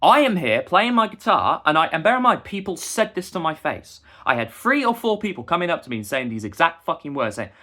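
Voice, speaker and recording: Guy ranting at the camera, quick and fired up, voice jumping all over the place. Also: a little high, big pitch swings, bright, forceful tone. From England. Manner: heated, indignant, emphatic. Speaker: busker and vlogger.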